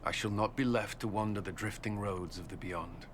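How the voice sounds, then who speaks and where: An actor playing an earnest, devout male army commander in a video game, soft-spoken and at times hushed. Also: on the low side, moderate pace, slight background noise, natural voice. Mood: reverent.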